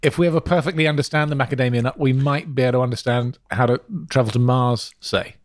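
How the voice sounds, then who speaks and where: A man co-hosting a comedy podcast, making dry deadpan quips. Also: medium pitch, fast, no echo. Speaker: podcast co-host. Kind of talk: casual comedic chat.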